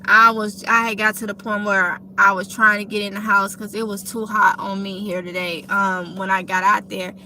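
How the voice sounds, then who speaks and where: Bright-voiced Mississippi woman, chatty. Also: mid-range voice, flat delivery, moderate pace, hardly any pauses, slight background noise. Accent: Mississippi Southern US. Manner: chatty, affectionate, calls viewers honey. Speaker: vlogger hosting a live Q&A. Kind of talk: casual live-stream chat reading comments.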